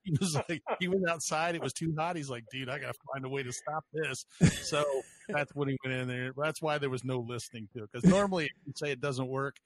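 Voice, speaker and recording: A man's voice: a little high, fast, hardly any pauses. A man co-hosting a podcast in casual chat, teasing his friend and laughing often. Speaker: podcast co-host.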